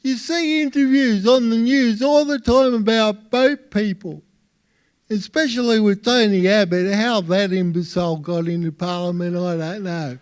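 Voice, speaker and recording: A man with an Australian accent doing stand-up comedy for a live audience, with a halting delivery full of repeated words. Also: high voice, steady tone, clean tone. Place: live stage before an audience.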